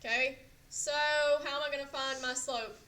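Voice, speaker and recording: Bright-voiced woman teaching math. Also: high-pitched, steady tone, moderate pace. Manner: quizzing students with frequent "okay?" check-ins. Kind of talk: classroom math lesson. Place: echoey classroom. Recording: echoey classroom, faint noise.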